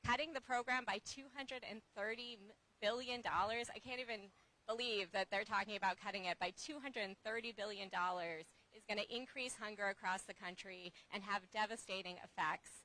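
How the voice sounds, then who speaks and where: A woman speaks at an outdoor rally with an earnest, urgent push, pleading a case to the crowd. Her voice is bright and forward. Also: mid-range voice, fairly even intonation, a little fast, rough recording. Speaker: anti-hunger advocate. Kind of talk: prepared rally remarks.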